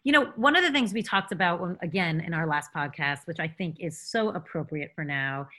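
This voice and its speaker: A woman's voice: lowish voice, a little fast, sharp tone. A woman hosting a podcast, asking earnest, reflective questions. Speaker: podcast host. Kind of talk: casual podcast interview.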